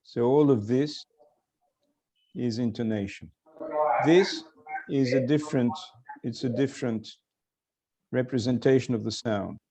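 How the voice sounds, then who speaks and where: An older man lecturing online as a professor, explaining slowly and quizzing his students. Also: mid-range voice, warm tone. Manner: explanatory, questioning students, self-correcting.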